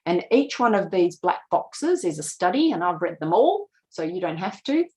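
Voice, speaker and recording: Middle-aged female presenter, lower register, steady explanatory conference-talk delivery. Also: normal speed, low-quality recording. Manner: explanatory, slips into quoted voices of parents. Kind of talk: lecture presentation.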